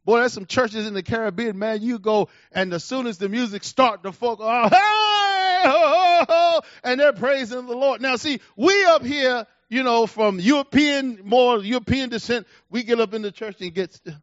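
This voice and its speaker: Preacher guy, really high voice, goes from shouting to almost whispering, dry and kinda muffled sound. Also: normal speed, hardly any pauses, dry recording. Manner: animated, swings from shouts to near-whispers. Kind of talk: sermon.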